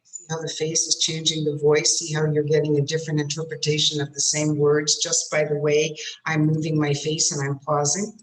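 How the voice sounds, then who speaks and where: A woman running an interactive online communication workshop, speaking in an expressive, emphatic way as she demonstrates. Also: low-pitched, moderate pace, reverberant, low-quality recording. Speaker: communication trainer.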